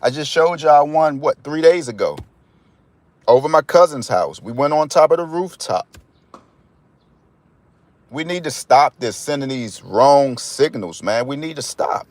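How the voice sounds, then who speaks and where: A man from D.C. who vlogs lottery tips chats casually to viewers, rambling and using slang as he addresses them directly. His fairly high voice is animated and measured, with frequent pauses and no echo.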